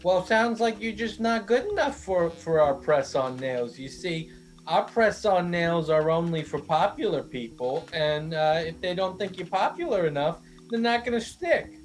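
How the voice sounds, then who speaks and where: An improviser voicing a snide, sarcastic customer service clerk in a comedy sketch, speaking at an ordinary pitch with faint music behind. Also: sing-song, moderate pace, natural voice. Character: snarky customer service clerk for a nail brand.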